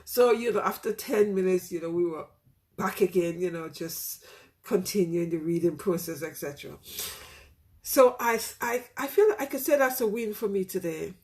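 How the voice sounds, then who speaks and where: A woman's voice: on the low side, normal speed, a little mellow. Candid woman teacher. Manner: candid, heartfelt, with many "you know" fillers. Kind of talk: casual reflective monologue to listeners.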